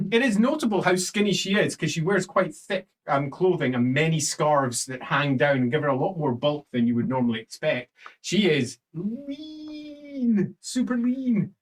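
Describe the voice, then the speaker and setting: A man running an improvised tabletop game as game master, narrating scenes playfully and quickly. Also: fairly high pitch. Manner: playful, quick descriptive narration with trilled sounds.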